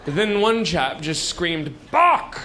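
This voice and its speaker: Brief: male comedian, slightly high voice, rambling mock-British old-timer bit, noisy live stage recording. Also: normal speed, a crowd in the background. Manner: rambling mock-British old-timer reminiscence, full of "you see" and "sort of". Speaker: stand-up comedian performing a character monologue. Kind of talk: comic stage monologue. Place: theater stage before a live audience.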